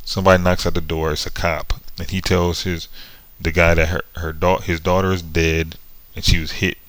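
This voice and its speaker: A man's voice: deep voice, little pitch movement, normal speed, a bit bright, dry recording, low-quality recording. A man casually retelling a comic book story, sarcastic and often breaking into laughter. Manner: sarcastic, laughing between lines.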